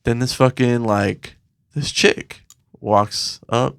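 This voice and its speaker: A man's voice: mid-range voice, steady tone, takes it slowly, gravelly, clean tone. A man co-hosting a podcast, telling a story in casual chat, swearing a lot and acting out the voices of the people in it. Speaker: podcast co-host.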